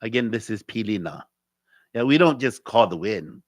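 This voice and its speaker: Man from Hawaii, teacher at a spiritual gathering, animated delivery, repeats his key words, dry close recording. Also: fairly low pitch, normal speed, dry recording. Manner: lively, repeats key phrases, acts out dialogue. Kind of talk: spiritual talk with storytelling.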